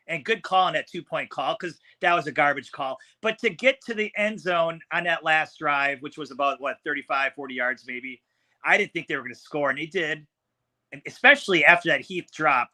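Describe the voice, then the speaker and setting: A man's voice: on the high side, sharp tone. A man co-hosting a sports podcast, giving blunt, opinionated takes on a football game. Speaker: podcast co-host. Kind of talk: sports talk analysis.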